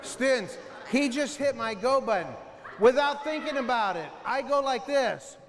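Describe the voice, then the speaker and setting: A man speaking to a school assembly, telling animated stories, acting out scenes and yelling as he mimics himself and his son. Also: very high voice, measured pace, long reverb tail. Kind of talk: animated motivational storytelling. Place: school auditorium.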